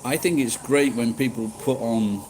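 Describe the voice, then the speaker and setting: A man's voice: medium pitch, moderate pace, darkish tone, slight background noise, low-quality recording. A middle-aged man chatting casually with live-stream viewers, rambling and swearing freely. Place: living in Japan.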